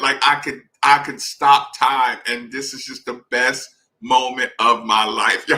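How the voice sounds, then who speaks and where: A man telling a long story in a casual, animated way, speaking straight to his listeners. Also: high voice, low-quality recording. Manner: animated, conversational, addresses listeners directly. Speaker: podcast host.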